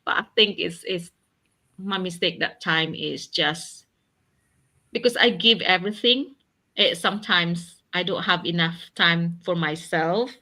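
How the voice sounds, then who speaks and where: A woman's voice: fairly low pitch, unhurried, bright, forceful tone. A woman on a video call talking earnestly in a casual chat, often laughing as she speaks. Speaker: accountability partner sharing in a group chat.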